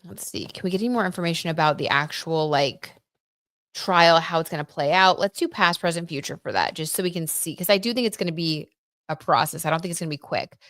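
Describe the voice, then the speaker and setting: A woman reading tarot cards on a live stream in a chatty, excitable way, full of "like"s and little gasps. Her voice sits a touch low. The sound is close and dry, with no room around it. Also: quick pace, dry recording. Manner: chatty and excitable, reads viewer comments aloud, gasps and many "like"s.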